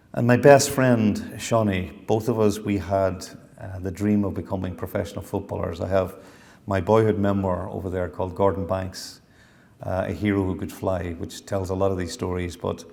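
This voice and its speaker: Long reverb fills this university lecture hall recording, where a middle-aged Irishman shares a personal story in a reflective lecture. He speaks in a low, darkish voice with vocal fry.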